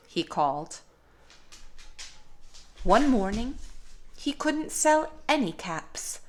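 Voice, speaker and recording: Slow, gentle woman reading aloud. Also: fairly high pitch, sing-song. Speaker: caregiver reading to a child.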